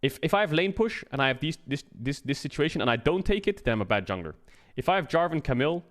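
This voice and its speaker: A streamer and game analyst with a fairly high, sing-song voice talks fast in a casual, explanatory rant. He works through it conversationally, often checking in with the listener and swearing now and then.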